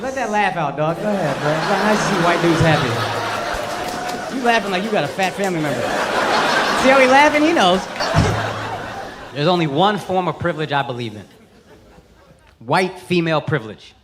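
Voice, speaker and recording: A man in his thirties doing a brash, profane stand-up set with crowd work, shouting his punchlines on a club stage. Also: sits high, expressive, normal speed, pauses often, heavy background noise. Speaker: stand-up comedian. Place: comedy club stage before a live audience. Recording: live club with loud audience laughter. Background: loud crowd laughter.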